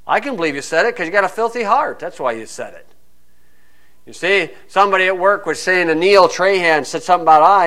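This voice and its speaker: A man's voice: sits high, pushed and bright. A man preaching a sermon, full of rhetorical questions, acting out hecklers and reading scripture aloud.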